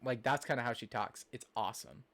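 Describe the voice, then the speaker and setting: A man's voice: mid-range voice, a little fast, fairly bright tone. A young man from Nebraska, rambling casually to his live-stream chat with lots of fillers. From Nebraska, USA. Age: young adult.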